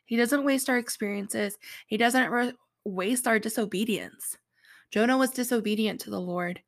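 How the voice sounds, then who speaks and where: A Bible teacher reads a Bible story aloud in a fairly high, creaky voice at normal speed, with no echo. She stops often for chatty, informal asides full of fillers like "like" and "um."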